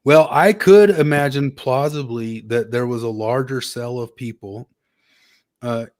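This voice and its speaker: A man's voice: medium pitch, a little slow, a little mellow. Male podcast host, mid-range voice, loose rambling casual delivery. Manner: rambling, hedging with many fillers. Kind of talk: casual conversational chat.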